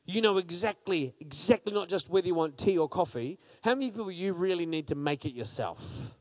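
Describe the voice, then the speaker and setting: Upbeat high-voiced New man. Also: fairly quick, no echo. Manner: energetic, playful, polls the audience. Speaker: speaker at a church gathering. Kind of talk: lively talk to a crowd.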